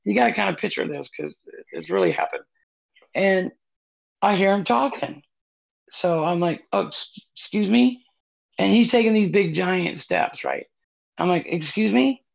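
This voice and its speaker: A woman co-hosting a podcast tells a rambling story, full of fillers. Her voice has a gravelly fry to it. The recording sounds muffled and lo-fi. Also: fairly low pitch, big pitch swings, moderate pace, pauses often. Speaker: podcast co-host. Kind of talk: casual podcast chat.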